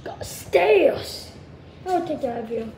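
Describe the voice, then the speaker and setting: A woman with a very high voice narrates her game as she plays. She swings from hushed, half-whispered murmurs to excited squeals and shouts, and her pitch jumps around with lively movement. Her pace is slow and unhurried, with a faint ambient hum behind her. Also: low-quality recording. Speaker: game player.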